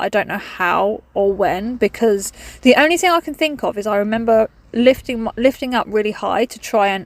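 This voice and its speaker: Here a thirty-something cleaning vlogger from England, English accent and all, gives a chatty voice-over while she cleans her cupboards, swearing casually and speaking frankly. Her voice sits in the mid range, with no echo.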